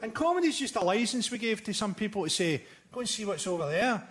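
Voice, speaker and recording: A Scottish man doing a stand-up comedy set on a live stage, delivering dark jokes in a dry, deadpan way. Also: high-pitched, quick pace. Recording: live show with loud ambient noise.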